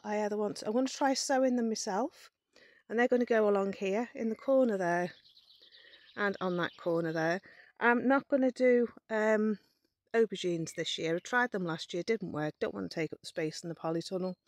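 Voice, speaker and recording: A woman's voice: mid-range voice, fairly quick, no room sound. A woman giving a casual, chatty walk-around garden tour, explaining her methods step by step and a bit out of breath. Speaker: gardening vlogger. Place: outdoor garden and polytunnel.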